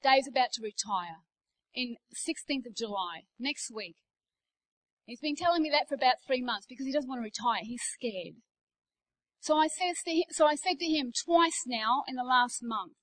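A middle-aged Australian woman delivers a sermon in a church, her voice sitting a little high. She preaches with emphasis and drops into everyday anecdotes as she goes. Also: animated, normal speed, a bit bright, poor audio. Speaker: guest preacher.

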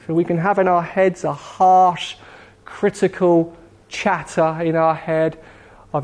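A man preaching a sermon in a slow, measured way with dramatic pauses, gently voicing God's questions. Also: fairly high pitch, level tone. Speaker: pastor.

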